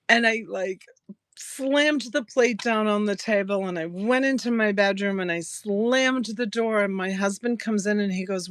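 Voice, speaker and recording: A woman's voice: medium pitch, gravelly, no echo. Sixties lady doing a live sale stream, chatty, laughs a lot, greets folks by name, dry sound. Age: 60s. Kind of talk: casual live-stream chat and storytelling.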